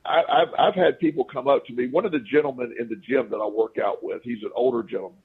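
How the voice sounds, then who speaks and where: A man's voice: medium pitch, quick pace, slightly rough, phone-quality sound. A man as a podcast guest, telling anecdotes casually and acting out what people said. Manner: animated storyteller who acts out quoted speech.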